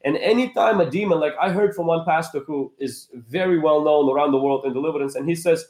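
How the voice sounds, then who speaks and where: A man's voice: fairly high pitch, fairly quick, darkish tone. Emphatic preaching man in an echoey room. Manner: emphatic, builds in intensity. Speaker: pastor, guest. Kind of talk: earnest preaching-style discussion.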